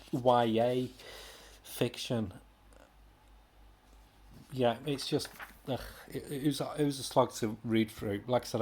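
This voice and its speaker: A man's voice: medium pitch, a little mellow. A British man giving a casual, rambling comic book review, exasperated, with sighs and mocking impressions.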